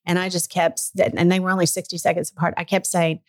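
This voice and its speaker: A woman's voice: fairly low pitch, level tone, quick pace, few pauses. Candid, chatty middle-aged woman storyteller. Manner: candid, chatty storyteller who gets emotional. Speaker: podcast guest. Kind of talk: casual storytelling chat.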